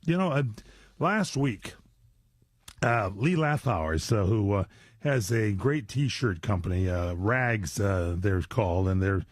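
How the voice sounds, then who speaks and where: A man's voice: lowish voice, animated, takes it slowly, dry recording. An older man hosting a radio show in casual, rambling chat full of fillers and jokes, recorded on a studio mic. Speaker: radio host. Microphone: studio microphone.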